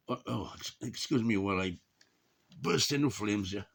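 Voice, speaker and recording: A middle-aged man chatting casually to camera in a rambling, jokey way, often clearing his throat. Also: on the low side, lively intonation, normal speed, fairly bright tone. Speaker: vlogger.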